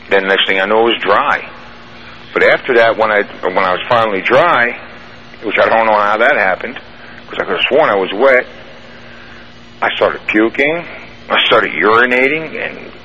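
A man's voice: fairly low pitch, expressive, moderate pace, long pauses, bright, forceful tone. A man telling a long first-person story in a plainspoken, rambling way, with restarts. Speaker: guest caller recounting an experience. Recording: muffled radio broadcast with faint hiss.

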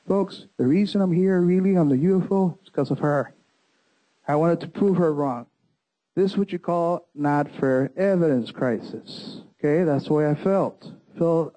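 Middle-aged male speaker, warm mellow tone, animated storytelling presentation, frequent restarts. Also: a little high, normal speed, poor audio. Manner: animated, repeats words and restarts, addresses listeners as folks. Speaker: speaker giving a talk to an audience.

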